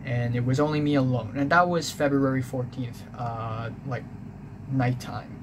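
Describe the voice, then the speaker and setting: Speaking at normal speed with a medium pitch and fairly even intonation, a young vlogger rambles through a confessional personal story, restarting often and using many fillers. Background noise is clearly audible.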